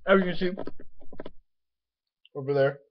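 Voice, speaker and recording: A young man rambles casually in a home vlog, swearing freely as he gets over a nosebleed and can still taste blood. His voice is a little high and measured in pace. The webcam recording is dull and lo-fi, with a bit of hiss or hum.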